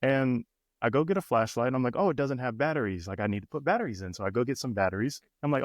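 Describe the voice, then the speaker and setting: A man's voice: mid-range voice, rapid-fire, no room sound, clean studio sound. A man in his thirties, a personal coach and podcast co-host, telling a family story in casual chat with many restarts. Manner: storytelling, many restarts, acts out quoted voices.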